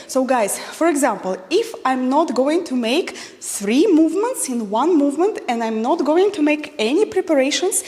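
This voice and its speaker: A woman's voice: sits high, lively intonation, moderate pace, a little mellow. Woman, dance instructor counting steps, reverberant studio hall. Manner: counting out moves, calling step cues. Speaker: dance teacher. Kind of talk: instructional lesson.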